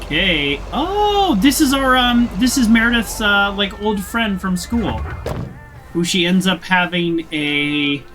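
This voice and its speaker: A man's voice: high-pitched, sing-song, slow, a bit bright, poor audio. A young man streaming a video game, chatting casually and joking with mock indignation. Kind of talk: casual gameplay commentary.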